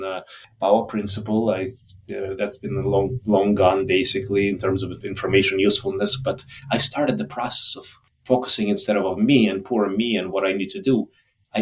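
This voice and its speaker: A man's voice: fairly low pitch, a little hiss or hum. A middle-aged man, a holistic doctor guesting on a podcast, talking in a reflective, emotional way with frequent restarts. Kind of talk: candid interview talk.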